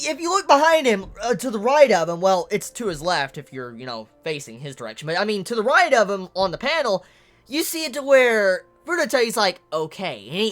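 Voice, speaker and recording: Excitable swearing woman reviewer. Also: medium pitch. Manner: excitable, swears a lot, rising to loud outbursts. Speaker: manga reviewer. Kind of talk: casual commentary.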